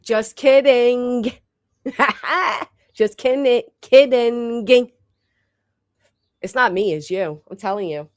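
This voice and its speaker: A woman's voice: fairly high pitch, slow pace, pauses often, no room sound, studio quality. A woman hosting a casual live chat with viewers, blunt and joking, swearing freely, with a local American accent that drops the final g. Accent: local regional American, drops final g. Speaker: livestream host.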